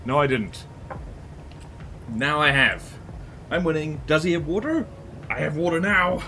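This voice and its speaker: A man streaming a game live, chatting casually and reading chat, yelping and rambling excitably. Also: fairly high pitch, measured pace, a little hiss or hum.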